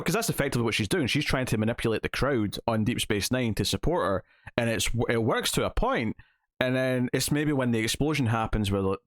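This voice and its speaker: A man's voice: medium pitch, dry recording, studio quality. Chatty man reviewing a TV episode. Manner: chatty, retells scenes with quoted lines. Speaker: podcast co-host. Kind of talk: casual TV review chat.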